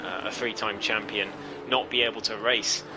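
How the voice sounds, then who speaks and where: Relaxed sim racing commentator. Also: male voice, on the low side, normal speed, heavy background noise. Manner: relaxed, many fillers, rises sharply when action heats up. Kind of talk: live race commentary.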